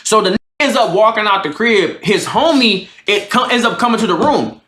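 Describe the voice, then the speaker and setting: A man's voice: high-pitched, animated, brisk, sharp tone, roomy sound. A man streamer telling a casual storytime in a slangy, profane way, acting out the people in his story.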